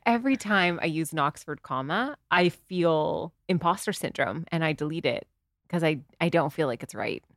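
A woman's voice: sits low, animated, creaky, no echo, studio quality. A woman hosting a podcast, chatting casually and playfully with her husband and laughing easily. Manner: playful, bubbly and quick to laugh. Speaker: podcast host.

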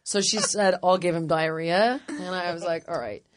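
Animated woman telling a travel story. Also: on the low side, normal speed, dry recording, clean studio sound. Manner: animated, laughs often, acts out others' lines. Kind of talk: casual storytelling chat.

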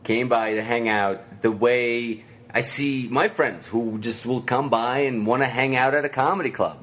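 A man's voice: medium pitch, moderate pace, fairly bright tone. A man co-hosting a casual chat, dropping dry jokey asides, recorded on a small voice recorder on a table. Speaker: comedian co-host. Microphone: handheld voice recorder on a table.

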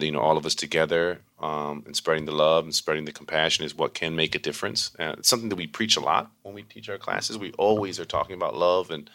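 A man who teaches meditation, telling stories in a casual interview and acting out the voices of people he quotes. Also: sits low. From Baltimore. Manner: animated, acts out voices in quotes.

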